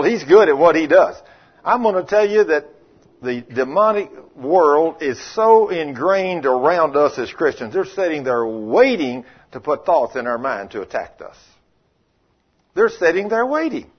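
A man preaches with a husky, somewhat high voice, telling homespun stories and voicing the people in them. He swings between thundering rebukes and quiet, confiding asides. The sermon comes through a dull, muffled lo-fi recording. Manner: folksy, acts out quoted voices, shifts between loud rebukes and quiet asides. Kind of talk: sermon with storytelling.

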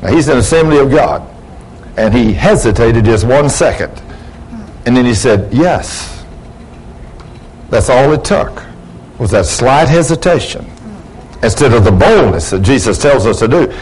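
A man's voice: medium pitch, expressive, normal speed, a little mellow, slight background noise, rough recording. A male preacher, giving a sermon to his congregation and acting out the dialogue in his stories with rising emphasis. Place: church before a congregation.

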